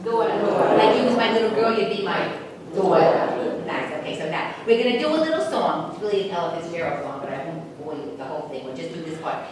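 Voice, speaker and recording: A woman's voice: fairly low pitch, lively intonation, quick pace, close to an everyday voice. A woman doing a brassy old New Jersey great-aunt. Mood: flirty, bossy. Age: older. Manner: brassy, teasing, flirts with the crowd. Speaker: comedic character. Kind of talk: stand-up character comedy. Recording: echoey hall from far off with audience. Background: live audience.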